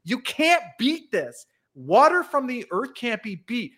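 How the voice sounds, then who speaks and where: A man with a high, bright voice chatting casually. He gushes with enthusiasm, his phrases tumbling out quickly. The tone is lively and forceful. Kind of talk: casual conversation.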